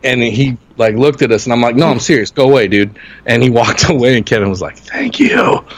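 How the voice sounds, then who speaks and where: A man in easy podcast conversation, his voice sitting in an ordinary middle register. He tells stories with energy, jumping up in pitch when he acts out what people said. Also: fast talker. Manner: animated, acts out quotes in raised voice. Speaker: podcast co-host. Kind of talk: casual storytelling chat.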